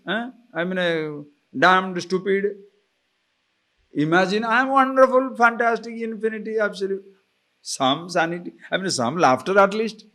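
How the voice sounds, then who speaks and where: A man teaching scripture in a lively, animated way. He laughs often and keeps asking his listeners whether they follow. His voice sits fairly high for a man. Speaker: spiritual teacher. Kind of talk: scripture discourse.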